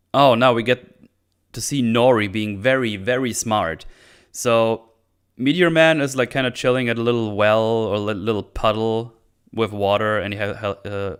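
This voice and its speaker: A man's voice: lowish voice, fairly bright tone, clean tone. A man hosting his own show, recapping a TV episode in casual commentary, sarcastic and swearing often.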